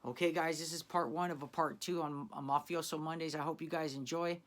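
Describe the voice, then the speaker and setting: Speaking to his channel's viewers as "guys," a man recounts a crime story in casual street slang, cursing freely in a confiding tone. His voice sits on the high side, fairly bright, with fairly even intonation and a slightly fast pace.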